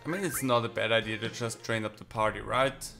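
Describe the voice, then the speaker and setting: A man's voice: fairly low pitch, steady tone, a little fast, gravelly, bright, forceful tone, soft background music. A man giving casual, rambling, self-mocking commentary while he plays a video game. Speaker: gaming channel host. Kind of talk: casual let's-play commentary.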